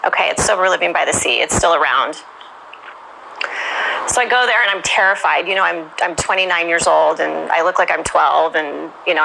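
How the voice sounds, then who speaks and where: A woman's voice: fairly low pitch, vocal fry, background noise. A woman being interviewed, frankly recounting her own past in a conversational way, with many "you know"s. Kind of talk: candid personal testimony.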